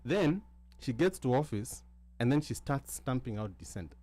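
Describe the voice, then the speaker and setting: A Kenyan man telling a story in a casual panel discussion, with many halting restarts. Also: medium pitch, expressive, darkish tone, dry recording. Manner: halting, many restarts, switches between English and Swahili. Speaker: guest.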